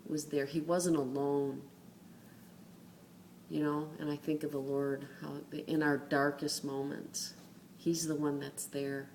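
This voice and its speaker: A woman with a low-sitting voice shares a personal faith story as a casual spoken testimony, earnest and conversational, with many fillers. There's a little hiss or hum in the recording.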